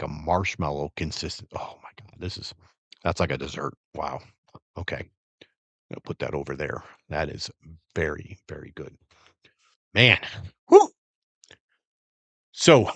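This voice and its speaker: Deep-voiced man chatting through a tasting. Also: no room sound. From Virginia area, USA. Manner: relaxed, rambling, savoring and reacting to sips. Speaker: bourbon livestream host. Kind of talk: casual live-stream chat.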